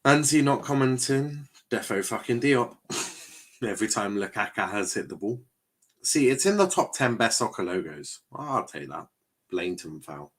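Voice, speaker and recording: A young watchalong streamer comments casually on a live football match, his medium-pitched, fairly bright voice animated yet measured in pace. He's chatty, reacting to the play and reading viewers' chat aloud.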